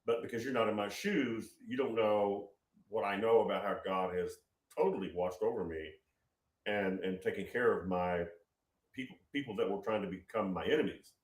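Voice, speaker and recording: A man's voice: lowish voice, normal speed, distant mic. Rambling man preaching in a roomy space. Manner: rambling, repeats words, storytelling. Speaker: prophetic speaker. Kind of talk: informal prophetic teaching. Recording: roomy, off-mic.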